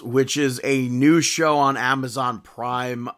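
A man co-hosting a podcast in a relaxed, chatty way, often laughing. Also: medium pitch, slow pace. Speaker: podcast co-host. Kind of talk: casual chat.

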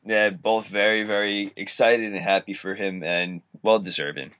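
A man's voice: on the low side, steady tone, moderate pace, fairly bright tone. A man co-hosting a wrestling podcast, speaking in a laid-back, easygoing way and often giving short agreeing replies. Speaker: podcast co-host. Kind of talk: casual wrestling podcast chat.

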